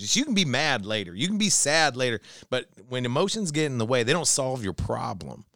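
A man with a bright, crisp, clear voice speaks bluntly and plainly, dropping frequent yeahs as the others talk. The recording is dry and close. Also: mid-range voice, big pitch swings, fast talker, hardly any pauses, no echo. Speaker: podcast participant. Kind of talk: casual podcast chat.

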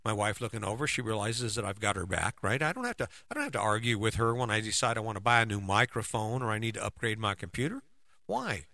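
A man's voice: mid-range voice, creaky, pushed and bright, no room sound. A middle-aged man giving a conversational motivational talk as a relationship coach, often checking in with "right?". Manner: conversational, keeps asking "right?".

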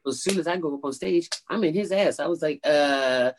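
A woman stand-up comedian tells a story in an interview. She is animated and jumps high in pitch when she acts out quotes. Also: moderate pace, a little hiss or hum.

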